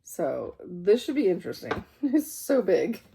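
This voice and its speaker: A woman's voice: mid-range voice, very animated, measured pace, creaky, dark tone, a little hiss or hum. A tired woman chatting casually as she shows her cross-stitch projects, rambling with fillers and correcting herself. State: tired and yawning. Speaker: cross-stitch vlogger showing works in progress. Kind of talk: casual show-and-tell chat.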